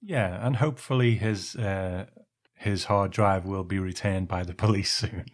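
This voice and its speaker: A man's voice: deep voice, a little slow. A man co-hosting a podcast in casual chat, giving brief dry teasing replies. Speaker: podcast co-host.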